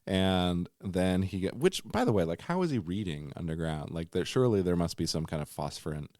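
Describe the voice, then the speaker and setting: A man's voice: sits low, animated, brisk, a little mellow, dry recording, clean studio sound. A man co-hosting a podcast, casually and playfully retelling a story and putting on mock voices for the character. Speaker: podcast co-host.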